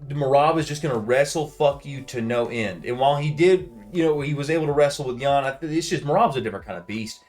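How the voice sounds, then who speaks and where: A man's voice: medium pitch, fast talker, hardly any pauses, faint music behind. Loose-talking, foul-mouthed podcast guy. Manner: loose, profane, slips into exaggerated impressions. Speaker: podcast co-host. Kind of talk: casual chat.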